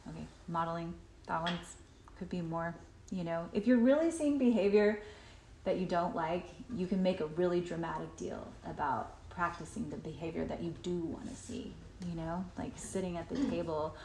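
A woman's voice: on the low side, moderate pace, creaky, a little mellow. A woman giving a parenting workshop in a chatty way, with many fillers, acting out what children say. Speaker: workshop presenter. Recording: roomy echo, faint noise.

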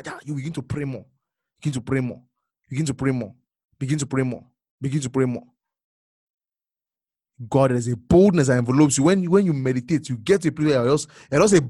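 A male preacher giving a sermon, repeating phrases and swinging from hushed murmurs to sudden loud exclamations. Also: mid-range voice, breathy edge, no echo, studio quality.

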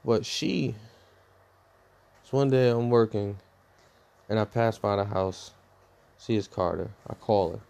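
A young man telling a personal story in a rambling, profane, animated way, full of fillers. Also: on the low side, unhurried, vocal fry, long pauses. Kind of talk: casual storytime rant.

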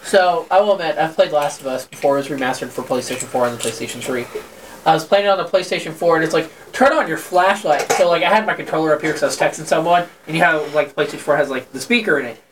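A man's voice: a little high, very fast. A man co-hosting a podcast, casually telling profane gaming stories and laughing often. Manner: profane, animated storyteller who laughs often. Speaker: podcast co-host. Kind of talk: casual chat. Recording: somewhat distant mic with faint noise.

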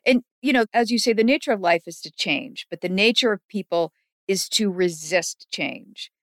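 A woman hosts a conversational interview and asks her guest thoughtful questions. Her voice is mid-pitched and recorded dry, with no room sound. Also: moderate pace, no echo. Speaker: podcast host.

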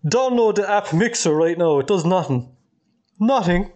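A man's voice: high-pitched, lively intonation, normal speed, darkish tone. A young man co-hosting a podcast, laughing often and joking crudely. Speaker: podcast co-host. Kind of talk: casual chat.

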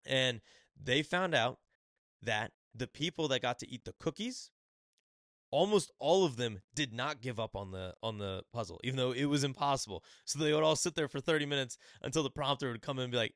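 Reviewing a book on his own podcast, the host chats casually, rambling and slipping into short acted-out quotes. His voice is mid-range and a bit bright, captured in a dry, clean studio recording.

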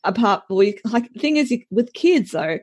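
A woman's voice: a little high, sing-song, normal speed, darkish tone, husky, no echo. A woman interviewer asking long, rambling questions with many fillers and restarts. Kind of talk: conversational interview.

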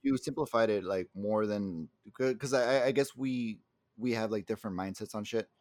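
A man's voice: lowish voice, normal speed, darkish tone, no echo, studio quality. A man co-hosting a casual podcast chat, rambling with lots of restarts and swearing, and openly emotional. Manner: self-described very emotional. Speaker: podcast co-host.

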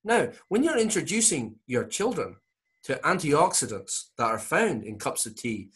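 A man's voice: a little high, sing-song, normal speed, fairly bright tone, voice pushed up. A man doing an impression of a soothing Scottish radio doctor, with a put-on Scottish accent.

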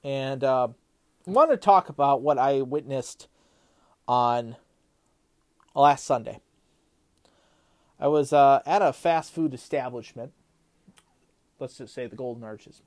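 A man's voice: mid-range voice, slow, pauses often. Rambling man, fired up. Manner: rambling, many fillers, gets loud and heated when ranting. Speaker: podcast host. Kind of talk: casual monologue and rant.

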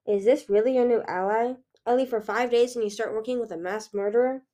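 A woman's voice: fairly high pitch, fairly even intonation, a little fast, mellow, close to an everyday voice. A woman voicing a bitter, accusing male dragon who speaks harshly of a rival.

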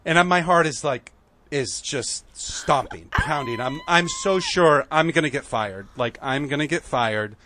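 A man telling a story on a podcast, acting out the quotes with lively shifts and growing emotional at moments. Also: a little high, a little slow, slight background noise. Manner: animated, acts out quotes, emotional at times. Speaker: guest.

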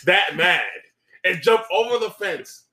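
A man's voice: high voice, lively intonation, unhurried, pushed and bright. A man co-hosting a casual podcast, telling absurd joking stories with lots of swearing. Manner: joking storyteller, absurd asides, profane. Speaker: podcast co-host. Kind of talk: casual chat.

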